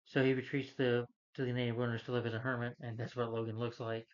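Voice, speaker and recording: A man's voice: mid-range voice, flat delivery. Rambling man retelling a movie plot. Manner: rambling, halting, full of "you know" and restarts. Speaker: movie reviewer. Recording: slightly dull lo-fi recording.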